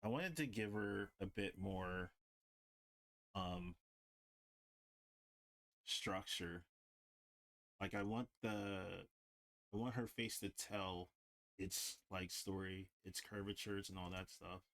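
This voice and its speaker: A man's voice: low voice, slow, pauses often, a bit bright. A man livestreaming while he draws, chatting casually and rambling with lots of "like". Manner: rambling, heavy use of "like". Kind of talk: casual chat while drawing.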